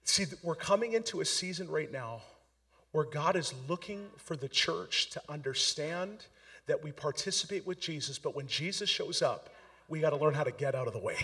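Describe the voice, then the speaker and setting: A high-pitched man preaches to a congregation. His delivery is impassioned and emphatic, pressing each point home. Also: lively intonation, normal speed, a bit bright, breathy edge. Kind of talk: sermon.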